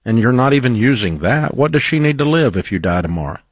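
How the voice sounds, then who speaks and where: A man's voice: medium pitch, sing-song, fast, slightly rough, no room sound, studio quality. A man hosting a call-in advice radio show, questioning callers bluntly with teasing humor. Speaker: radio talk show host.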